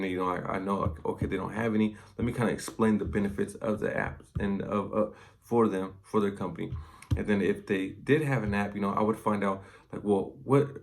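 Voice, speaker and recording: Low gravelly-voiced man giving advice. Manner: conversational, loose, heavy on fillers. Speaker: inside salesman. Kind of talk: casual advice talk.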